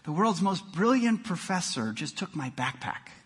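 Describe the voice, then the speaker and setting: A man's voice: sits high, very animated, normal speed, fairly bright tone, slightly rough, exaggerated voice. A man voicing an easygoing, wry young hiker delivering a punchline. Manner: casual, dry punchline delivery.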